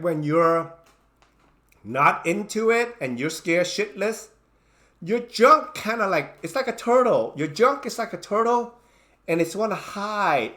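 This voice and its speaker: A man recounts a chaotic party in a loose, animated storytelling manner, his voice rising and falling widely. He talks slowly in a bright, fairly high tone and breaks off often to restart or add fillers. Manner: animated, acts out his own panicked lines; many fillers and restarts, non-native grammar. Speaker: channel host telling a story. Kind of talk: casual storytelling.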